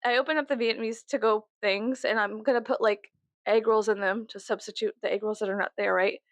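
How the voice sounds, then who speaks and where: A woman in her thirties telling a storytime vlog from her bedroom, profane and animated, laughing often and acting out what people said. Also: medium pitch, fairly quick, dry recording. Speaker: vlogger.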